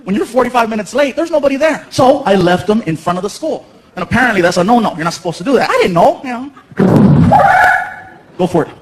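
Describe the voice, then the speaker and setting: Fast-talking, high-voiced man doing stand-up. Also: crowd noise. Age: 30s. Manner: animated, acts out voices. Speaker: stand-up comedian. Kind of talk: stand-up comedy. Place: theater stage with audience.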